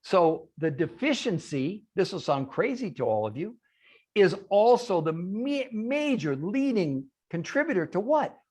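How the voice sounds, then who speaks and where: A man's voice: high-pitched, big pitch swings, measured pace, darkish tone, breathy edge. A man giving an emphatic talk on a video call. He asks rhetorical questions and answers them himself. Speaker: guest speaker on a call. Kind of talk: animated presentation on a group call.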